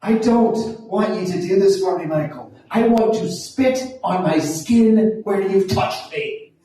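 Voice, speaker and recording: A furious young Irish woman with a Northern Irish lilt, raising her voice high and sharp in cutting indignation, as a storyteller puts her on. Her voice is dark in tone and sits back from the mic in a very echoey room. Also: slow pace, recorded from a distance. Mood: indignant, scornful. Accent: Northern Irish, attempted.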